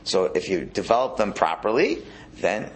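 A man teaching a Hasidic Torah class, animated and prone to repeating words and restarting his phrases. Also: fairly low pitch, normal speed, a little hiss or hum. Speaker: religious teacher.

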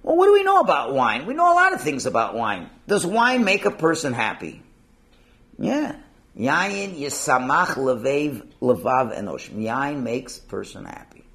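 Man teaching torah, lively up and down voice, casual and chatty, lots of questions. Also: medium pitch, moderate pace. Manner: animated, conversational, rhetorical questions. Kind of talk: informal lesson.

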